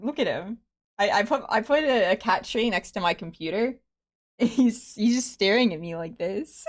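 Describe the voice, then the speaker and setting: A woman's voice: medium pitch, expressive, moderate pace. A woman streaming a story game from her home computer, chatting casually, laughing often and swearing freely. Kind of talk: casual live-stream commentary.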